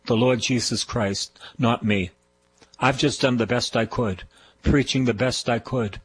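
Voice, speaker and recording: A man's voice: medium pitch, steady tone, a little slow, slight background noise, rough recording. An older man with a Boston accent preaching a radio sermon, emphatic and repetitive as he exhorts his listeners. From Boston, USA.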